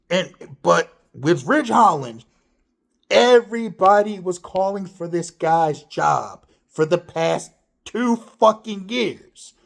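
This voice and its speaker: A man ranting to camera about wrestling, swearing freely and sounding exasperated. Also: creaky. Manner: lively, swooping pitch. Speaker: wrestling commentator. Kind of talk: opinion rant to camera.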